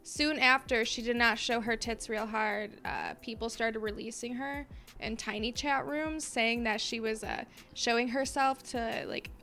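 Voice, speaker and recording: Bright-voiced woman, rambling and amused. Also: fairly high pitch, fairly even intonation, unhurried. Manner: rambling, amused, many fillers. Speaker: podcast guest. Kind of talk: casual chat.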